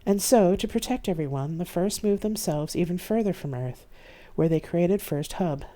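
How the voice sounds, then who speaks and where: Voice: mid-range voice, animated, moderate pace, dark tone. An author reading their own science fiction novel aloud on a live stream, telling the story steadily in the first person.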